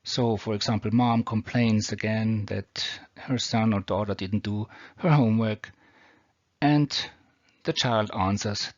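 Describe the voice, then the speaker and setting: A man with a German accent who teaches English grammar, explaining rules slowly and reading example sentences with care. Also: on the low side, steady tone, dry recording. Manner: slow, deliberate, reads example sentences carefully. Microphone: built-in or cheap mic. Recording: dull, dry home recording.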